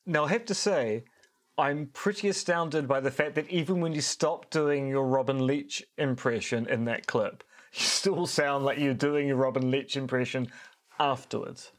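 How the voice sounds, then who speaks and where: A man's voice: mid-range voice, normal speed. Give me a dry, wry man co-hosting a casual podcast, with a mid-range voice. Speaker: podcast co-host.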